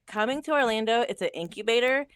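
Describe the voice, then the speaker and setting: A woman's voice: on the high side, expressive, fast talker, clean tone, no room sound. A woman who books comedy shows and does stand-up, talking on radio in an upbeat, enthusiastic way. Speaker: comedy show booker and stand-up comic. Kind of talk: casual radio talk.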